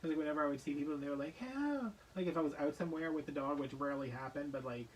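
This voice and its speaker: A man's voice: on the high side, steady tone, racing, distant mic, slight background noise, rough recording. A man chatting casually on a live stream, telling jokey, playful stories while he crafts.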